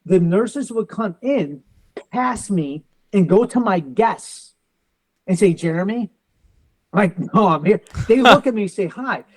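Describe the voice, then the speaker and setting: A man's voice: high voice, animated, low-quality recording. Man in his forties telling his story. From United States. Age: 40s. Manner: quotes others in quick back-and-forth, uses car comparisons. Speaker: interview guest, veteran and police officer. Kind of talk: animated personal storytelling.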